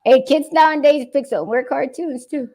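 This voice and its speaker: High-voiced woman telling lively stories. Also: normal speed. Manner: animated storyteller, laughs often, swears freely. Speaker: parent guest in a chat. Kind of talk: casual chat.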